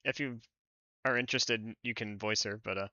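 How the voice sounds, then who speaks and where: Soft-spoken man streaming a game. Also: on the low side, steady tone, moderate pace, no echo, highs cut off. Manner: soft-spoken, hesitant, lots of fillers. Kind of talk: casual game commentary and reading. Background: game music.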